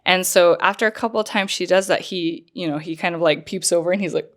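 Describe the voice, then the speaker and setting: A woman's voice: fairly low pitch, fast talker. A woman co-hosting a podcast, casually retelling a story with lots of fillers and laughs. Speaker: podcast co-host. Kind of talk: casual chat.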